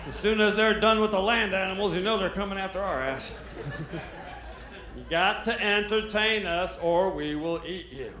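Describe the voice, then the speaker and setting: A man's voice: high-pitched, moderate pace. An American man doing brash, profane stand-up comedy on a club stage. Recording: roomy club with crowd noise. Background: audience laughter.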